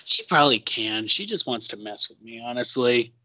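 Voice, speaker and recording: A man's voice: medium pitch, animated, moderate pace, pushed and bright, dry recording. A man chatting casually on a live stream, swearing now and then and talking back to a co-host he can't hear. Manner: chatty, swears, laughs, talks to a co-host off mic.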